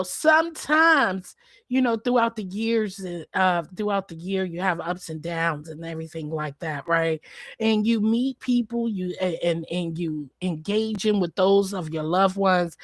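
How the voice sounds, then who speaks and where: A woman hosting a casual livestream, hoarse and apologizing for her voice, greeting viewers by name in a chatty, familiar way. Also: mid-range voice, no echo, clean studio sound. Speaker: livestream host.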